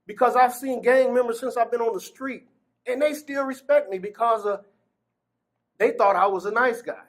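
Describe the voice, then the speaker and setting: High-voiced man telling his story. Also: normal speed. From Gary, Indiana. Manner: animated storytelling, acting out quoted dialogue and laughing between phrases. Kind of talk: personal testimony in an interview.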